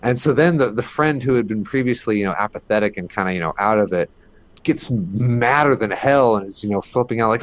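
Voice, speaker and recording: A man's voice: fairly low pitch, a little fast. A man telling a creepy story as a podcast guest, in a rambling, casual way full of fillers and the odd swear.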